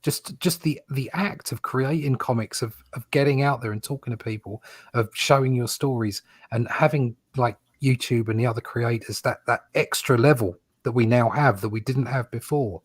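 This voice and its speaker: A man's voice: mid-range voice, moderate pace, husky, no room sound, clean studio sound. A man co-hosting a casual comics podcast, rambling and repeating words as he makes his points. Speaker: co-host.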